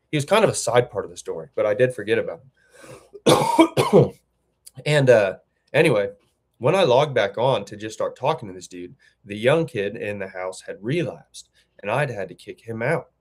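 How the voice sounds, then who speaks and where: A man, host of his channel, telling a story casually in a rambling, self-correcting way. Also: on the low side.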